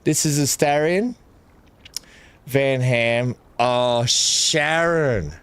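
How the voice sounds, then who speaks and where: A man's voice: mid-range voice, very slow, fairly bright tone, dry recording. A man chatting casually while unboxing gifts, muttering asides and talking to his dog. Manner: muttering asides, frequent throat clearing. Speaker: gaming video creator.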